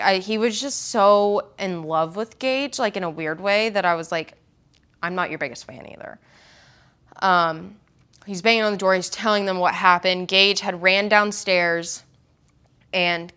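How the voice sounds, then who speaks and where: A woman's voice: on the low side, a bit bright, clear, resonant tone. A young woman from Oklahoma telling her story in an interview, rambling and full of "like" and quoted dialogue.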